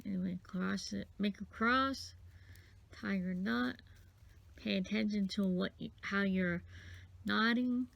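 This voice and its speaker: Slow, gravelly woman rambling through a craft. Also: medium pitch, fairly bright tone, no room sound. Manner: rambling, self-interrupting, counting beads aloud. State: sniffly. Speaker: craft vlogger. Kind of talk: casual craft tutorial.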